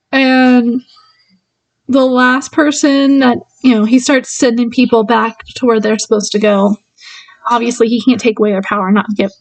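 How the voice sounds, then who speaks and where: A woman's voice: fairly high pitch, dry recording, far from the mic, poor audio. A woman casually reviewing a book, retelling the plot in a rambling way with many fillers and laughs.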